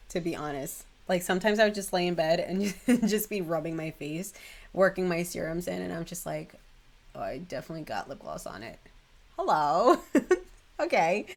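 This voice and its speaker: Chatty young woman, low-pitched. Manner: chatty and gushing, with frequent "like". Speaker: beauty vlogger. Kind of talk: casual chat.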